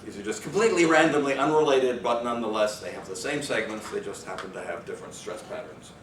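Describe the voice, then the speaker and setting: A man's voice: mid-range voice, fast talker. A man giving an academic lecture, talking in a discursive way with fillers and self-corrections. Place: lecture room. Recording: echoey room, far mic, faint noise.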